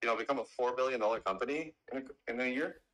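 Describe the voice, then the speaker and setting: Male guest trader, bright tense voice, rambling casual explainer. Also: mid-range voice, fast, rough recording. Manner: rambling, many fillers and restarts. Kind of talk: casual trading talk on a call.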